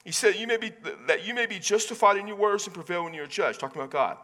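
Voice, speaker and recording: A Texan pastor preaches in a lively, conversational way, breaking into casual asides between points. His voice is fairly high and bright, and it rises and falls a great deal. A long reverb from the hall trails behind every phrase. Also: fast. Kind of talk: sermon.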